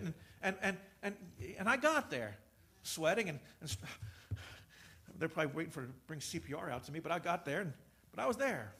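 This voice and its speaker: In his church sermon, a man with a high, bright, forceful voice that has a breathy edge recounts a personal story, a little fast and animated, with jokes along the way. He swings between booming preaching and soft confiding, tripping over and repeating words once he's rolling.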